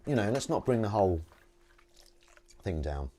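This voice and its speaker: A man's voice: on the low side, big pitch swings, normal speed. A man hosting a casual stream from his home kitchen, chatting and joking with viewers as he washes up. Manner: chatty and rambling, jokey asides to viewers. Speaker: host washing dishes on a livestream. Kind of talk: casual chat while washing up. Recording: dish clatter and water noise. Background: clinking dishes and cutlery.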